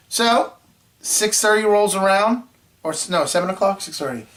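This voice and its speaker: A man co-hosting a movie review show, telling a rambling story in casual chat and clearing his throat often. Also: sits high, animated, measured pace, fairly bright tone. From Florida.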